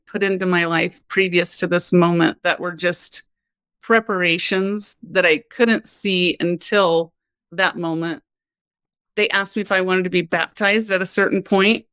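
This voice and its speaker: A podcast guest from Kansas, United States, shares her personal story in a lively, candid way, laughing and saying "like" a lot. Her voice is medium-pitched and smooth, with no room sound.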